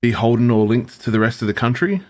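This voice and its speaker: A man's voice: mid-range voice, animated, quick pace. A man co-hosting a podcast in casual chat, loose and jokey with lots of fillers. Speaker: podcast co-host.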